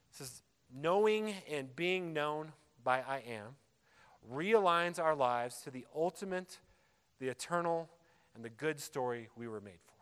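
A man's voice: medium pitch, fairly bright tone, smooth. A man preaching a sermon as a pastor, earnest and emphatic, repeating key phrases for weight. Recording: long hall reverb.

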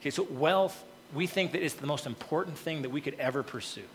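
A man's voice: on the high side, fairly quick, big-room sound, slight background noise. A man preaching a sermon as pastor, reading scripture and explaining it in a conversational way with frequent "okay" asides.

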